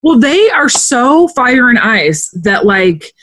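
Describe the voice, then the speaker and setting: A woman in casual chat as a podcast co-host, an animated storyteller who acts out quotes as she goes. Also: fairly high pitch, slow.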